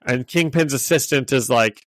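A man's voice: mid-range voice, moderate pace, fairly bright tone, no echo. A man co-hosting a podcast, chatting and laughing as he recaps a comic, often restarting his sentences. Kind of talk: casual chat.

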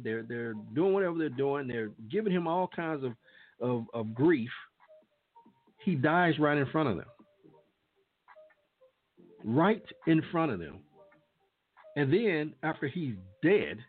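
A man's voice: on the high side, slightly rough. A male show host giving impassioned commentary, repeating phrases for emphasis. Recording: tinny phone-like line.

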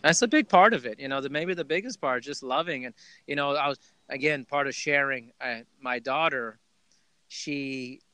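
A man hosting a podcast, telling a heartfelt parenting story in a warm, rambling conversational way with restarts. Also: mid-range voice, moderate pace, clean tone, no echo. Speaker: podcast host. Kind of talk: casual conversational interview.

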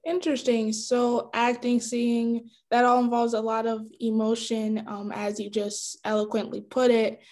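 A woman's voice: on the high side, completely flat delivery, moderate pace, few pauses, a little mellow. A woman hosting a podcast interview, friendly and polite, asking questions with a few ums. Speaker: podcast host.

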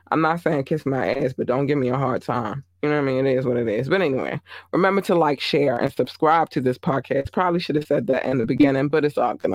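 A woman's voice: low voice, dry recording, clean studio sound. A woman in her thirties hosting her own podcast, talking bluntly in a sassy, venting monologue. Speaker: podcast host.

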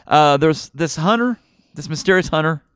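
A middle-aged man hosting a podcast, retelling a movie plot in a rambling, excitable way with many fillers and restarts. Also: fairly high pitch, normal speed, smooth, no echo, clean studio sound. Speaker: podcast host. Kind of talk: casual movie podcast chat.

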